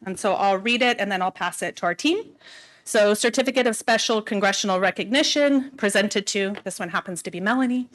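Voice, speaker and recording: A woman's voice: medium pitch, brisk. Woman giving board meeting announcements. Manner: warm, slightly emotional, with many "um"s. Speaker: school district administrator.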